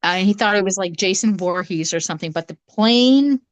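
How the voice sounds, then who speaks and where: A woman with a Canadian accent, telling a campfire story in casual, animated chat as a podcast co-host. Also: medium pitch, a little fast, no echo, highs cut off.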